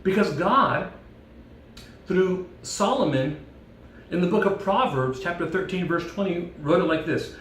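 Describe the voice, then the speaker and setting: Animated man telling a story in an echoey room. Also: high-pitched, measured pace, slight background noise. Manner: animated storyteller, jokey and expressive. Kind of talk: playful devotional talk with props. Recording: echoey room, mic at a distance.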